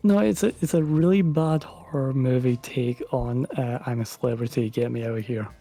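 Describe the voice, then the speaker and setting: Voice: mid-range voice, fairly even intonation, moderate pace, warm tone, soft background music. A guest chatting casually on a stream, with a hesitant, chatty manner. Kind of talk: casual chat.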